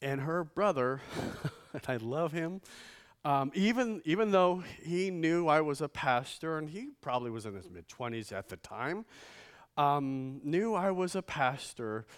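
A middle-aged man preaching from the pulpit, telling funny stories before building to loud, emphatic lines. His voice sits a little high for a man. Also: expressive, measured pace, clear, resonant tone. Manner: storytelling, joking, swells loud for emphasis. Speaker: pastor. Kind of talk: sermon.

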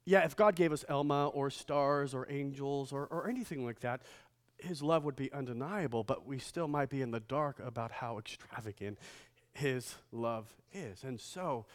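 A middle-aged man, a pastor, preaching a sermon with funny stories and loud, emphatic swells on key lines. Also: medium pitch, moderate pace.

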